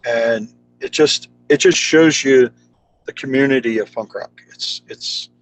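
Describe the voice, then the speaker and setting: A man's voice: medium pitch, measured pace, low-quality recording. A man guest on a podcast, chatting casually and animatedly, with slangy talk, acting out the people he quotes. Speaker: guest, charity founder. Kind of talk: casual storytelling chat.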